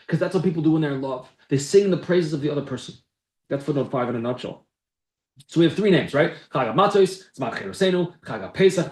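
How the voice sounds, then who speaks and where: A fairly high-pitched, slightly mellow male voice carries through a reverberant space. He is teaching a text-based Torah class in a conversational manner, reading Hebrew phrases and following each with an English explanation.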